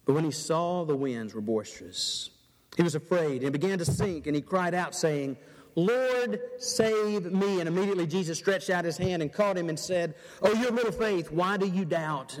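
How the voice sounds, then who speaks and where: A man preaching a sermon in a large church, dramatic and full of rhetorical questions, dropping to a hush and then rising loud. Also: fairly high pitch, moderate pace. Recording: reverberant church hall.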